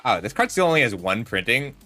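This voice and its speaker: A man's voice: mid-range voice, sing-song, fast, bright, forceful tone, faint music behind. A man in his thirties, a streamer casually commenting on his card game and telling rambling stories as he plays. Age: 30s. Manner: rambling, chatty, talks to chat while playing. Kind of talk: casual gameplay commentary with storytelling.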